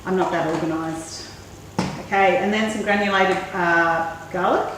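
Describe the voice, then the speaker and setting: A woman hosting a cooking show, chatting in a relaxed way and thinking aloud as she works. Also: fairly low pitch, measured pace. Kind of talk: casual cooking demonstration. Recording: very echoey room, mic far off, faint noise.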